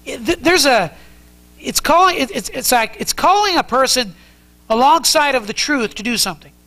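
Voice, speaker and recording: A man's voice: extremely high pitch, animated, moderate pace, bright, forceful tone, poor audio. A man preaching an expository sermon as pastor, earnest and conversational as he explains the text. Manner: earnest, conversational teaching with frequent restarts.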